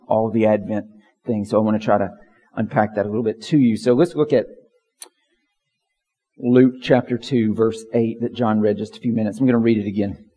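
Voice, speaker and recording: A man's voice: lowish voice, warm tone, breathy edge, big-room sound. A man preaching a sermon as pastor, emphatic and building to fervent lists of praise.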